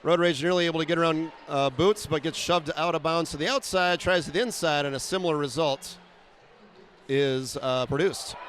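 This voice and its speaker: A man's voice: on the high side, fairly bright tone, slight background noise. Wry roller derby announcer, man. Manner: quick, wry, self-deprecating play-by-play with frequent "uh" fillers. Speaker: play-by-play announcer. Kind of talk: live sports commentary.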